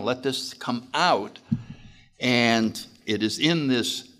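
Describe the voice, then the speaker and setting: A man speaking at a recovery meeting, telling stories in an animated way and acting out voices. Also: mid-range voice. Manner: animated, acts out voices, laughs often. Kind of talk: recovery talk storytelling.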